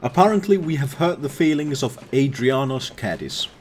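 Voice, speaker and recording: Man, game streamer, teasing banter, average pitch, mid-range voice. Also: animated, normal speed, a little hiss or hum. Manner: joking, teasing his friends. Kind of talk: casual banter while gaming live.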